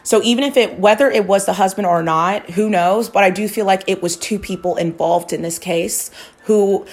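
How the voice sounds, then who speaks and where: A woman's voice: medium pitch, moderate pace, a little mellow. A woman talking casually to her viewers as a psychic true-crime vlogger, rambling and confiding, with casual swearing and frequent restarts. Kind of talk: casual chat to camera.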